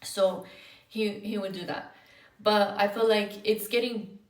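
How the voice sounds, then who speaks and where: A young woman talks on a phone livestream, emotional and close to tears, blunt and sprinkled with profanity and Spanish words. Her voice sits in a middle pitch for a woman. The sound is roomy and she is a little away from the mic. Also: fairly even intonation, unhurried, far from the mic. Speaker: livestreamer answering viewer comments. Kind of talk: candid emotional livestream chat.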